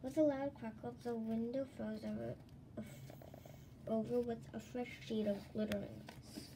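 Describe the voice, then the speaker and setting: A woman reading a children's chapter book aloud in an expressive, animated way. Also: a little high, a little slow, background noise. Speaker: storybook reader.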